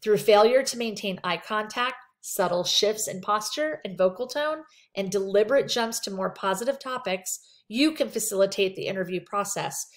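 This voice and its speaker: A woman's voice: mid-range voice, moderate pace, few pauses. A woman teaching a counseling skills lecture, reading points off slides and adding casual asides from her practice. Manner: conversational, talks through slides with asides. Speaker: counseling instructor.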